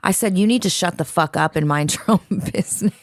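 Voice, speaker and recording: A woman's voice: on the low side, a little fast, dry recording, clean studio sound. A woman co-hosting a podcast, reading a listener's letter aloud in a blunt, profane, dramatic way.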